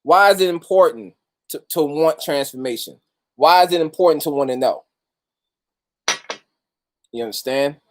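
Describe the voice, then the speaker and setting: Speaking at a moderate pace with long pauses, this livestream host has an expressive, higher-than-average voice. He greets his viewers by name and keeps the talk loose, full of street slang and cursing.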